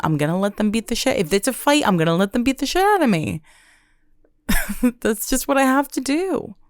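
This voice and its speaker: A young adult woman hosting a podcast, telling a comedic monologue with deadpan, dramatic exaggeration. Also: mid-range voice, gravelly, no echo, clean studio sound. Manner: deadpan, dramatic storytelling with self-mocking exaggeration. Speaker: podcast host.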